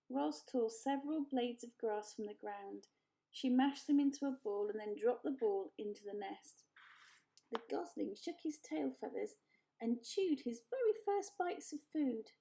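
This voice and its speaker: Gravelly-voiced woman reading a children's story. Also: fairly high pitch, animated. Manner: gentle, unhurried, laughs off her slips. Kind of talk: children's story read-aloud.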